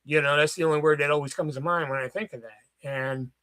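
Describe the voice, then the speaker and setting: A man's voice: a little high, steady tone, fast, fairly bright tone, smooth. A man casually rambling through work stories on his livestream, swearing often and restarting sentences. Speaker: livestream host. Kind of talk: casual storytelling chat.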